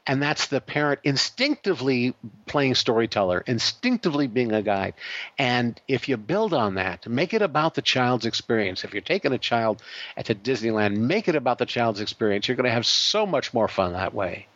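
A man's voice: mid-range voice, brisk, dry recording, dull audio. A man, a guest on an interview show, telling an anecdote and acting out the quoted voices. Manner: animated, acts out quoted voices. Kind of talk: storytelling anecdote.

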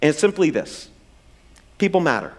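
A man's voice: fairly high pitch, big pitch swings, normal speed. A man in his forties preaching a sermon, conversational and humorous with self-deprecating asides. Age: 40s. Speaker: pastor.

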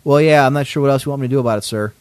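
A man's voice: mid-range voice, rapid-fire, a little mellow, no echo, close to an everyday voice. A man doing a dismissive hotel concierge.

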